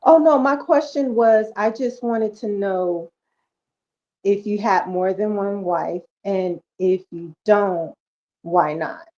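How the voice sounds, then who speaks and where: Soft-spoken polite lady calling in, middle-aged, a bit muffled video call sound. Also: mid-range voice, takes it slowly. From South Central Los Angeles. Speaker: caller. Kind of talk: casual call-in chat. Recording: slightly dull video call audio.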